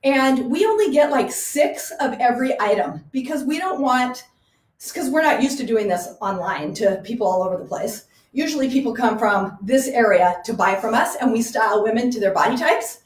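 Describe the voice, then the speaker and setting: A woman's voice: a little high, lively intonation, moderate pace. A woman who runs a small garage boutique, chatting enthusiastically as she presents clothes in a live online showcase. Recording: echoey room.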